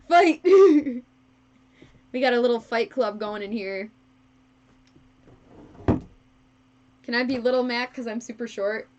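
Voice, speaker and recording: A woman with a high voice chats with her stream viewers while she sews, unhurried and slow to get her words out. She giggles often and pokes fun at herself. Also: darkish tone, highs cut off, slight background noise. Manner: giggly and self-deprecating, laughs often. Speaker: fursuit maker streaming live. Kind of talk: casual live-stream chat with viewers. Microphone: wrong microphone.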